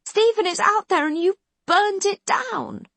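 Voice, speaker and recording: A woman's voice: extremely high pitch, drawn-out words, vocal fry, pushed and bright, dry recording, voice pushed up, heavily acted. A woman voicing a furious woman doctor who screams in outrage.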